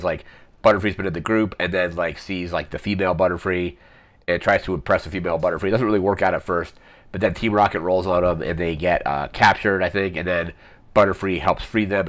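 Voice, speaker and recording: A man hosting a retro show, recapping episodes in a casual, rambling way with many ums and self-corrections. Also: deep voice. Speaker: podcast host.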